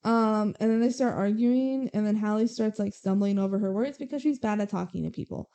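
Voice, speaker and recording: A young woman with a mellow, warm-toned voice recapping a film for a podcast. She talks in a loose, chatty way, throwing in sarcastic asides as she goes. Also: medium pitch, a little fast, clean tone. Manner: chatty, sarcastic, quotes characters in passing. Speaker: podcast co-host. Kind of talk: casual movie recap chat.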